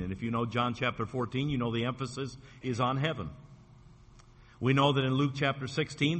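Pastor preaching in a reverberant church. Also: male voice, medium pitch, a bit bright, slightly rough. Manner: slow, deliberate preaching with emphatic repetitions. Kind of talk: sermon. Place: church sanctuary. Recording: long church hall reverb.

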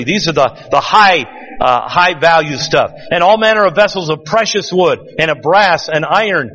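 A man preaching a verse-by-verse sermon in a conversational way, asking his congregation questions and slowing down for emphasis. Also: on the high side, fairly bright tone. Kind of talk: expository sermon. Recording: dull sound with long hall reverb.

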